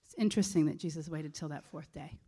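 A woman's voice: low voice, fast, warm tone, husky. A woman preaching a sermon in an earnest, conversational way.

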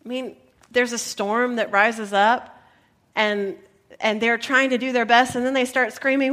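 Woman pastor, higher voice, lively sermon delivery with playful asides. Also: moderate pace. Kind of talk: sermon with scripture reading.

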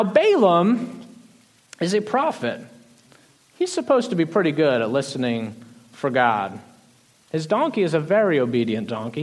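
A man preaching a sermon, retelling a Bible story in a lively, conversational way, often restarting phrases and letting sentences trail off softly. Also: mid-range voice. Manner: animated storytelling, frequent restarts, soft trailing endings. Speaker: pastor.

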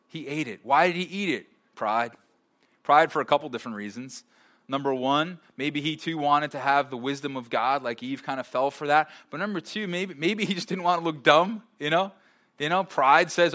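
Animated man preaching a sermon. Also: a little high, moderate pace. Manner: lively and joking, with sudden loud bursts. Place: church service before a live audience.

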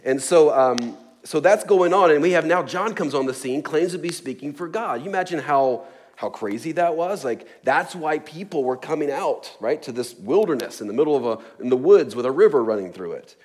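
A man's voice: fairly high pitch, lively intonation, moderate pace. Chatty, joking preacher, a man. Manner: casual, jokey, chuckling asides, many fillers. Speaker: pastor. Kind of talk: sermon.

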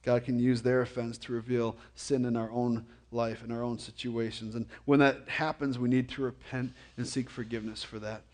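A man preaching a conversational sermon as a pastor, often repeating and stumbling over words, with jokey, animated asides. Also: mid-range voice, moderate pace, few pauses. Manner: frequent stammered repetitions.

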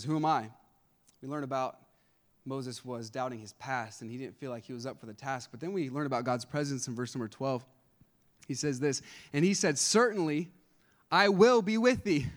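A male pastor preaching a sermon, with a rhythmic, repetitive delivery that builds to loud, emphatic peaks. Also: medium pitch.

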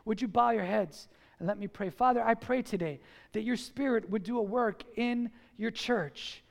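A man's voice: very high voice, vocal fry. A man preaching a sermon as pastor in a church, emphatic and full of rhetorical questions.

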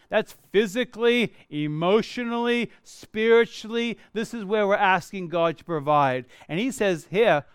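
Male preacher, high smooth voice, earnest sermon delivery, dry close sound. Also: unhurried, hardly any pauses, no echo. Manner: earnest, shifts between lively emphasis and quiet reflection.

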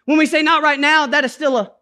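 A man with a notably high voice delivers a sermon. He drops to near-hushed tones, then builds to emphatic, rhythmic repetition aimed at his congregation. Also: steady tone, a little fast. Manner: dynamic preaching, swings from hushed to emphatic. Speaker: pastor.

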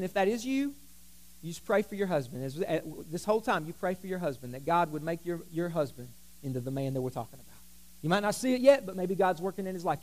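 A man's voice: high voice, a bit bright. A man preaching a sermon as pastor, emphatic, repeating key lines and joking with the congregation.

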